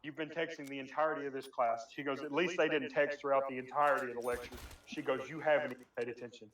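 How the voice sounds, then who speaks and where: A young man telling a rambling story among friends in a casual chat, animated and swearing, often laughing. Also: mid-range voice, fast. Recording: echoey room, distant mic.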